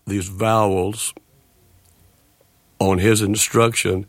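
Gravelly halting man in his sixties. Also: on the low side, little pitch movement, no echo. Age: 60s. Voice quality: gravelly, with a speech disorder. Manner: halting, with restarts and slow deliberate phrasing. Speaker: guest, country singer. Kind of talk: radio interview.

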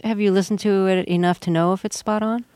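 A woman hosting a radio interview in a studio, asking questions in a calm, measured way. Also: medium pitch, clear, resonant tone, no echo.

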